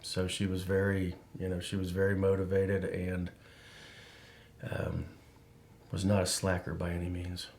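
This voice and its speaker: A middle-aged man in a documentary interview, plain-spoken and slow, with pauses. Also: low-pitched, completely flat delivery, a little mellow, slight background noise.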